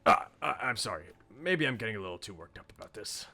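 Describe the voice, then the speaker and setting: A man voicing a weary, reflective middle-aged male politician who speaks in a soft, measured and earnest way. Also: on the low side, very animated, heavily acted.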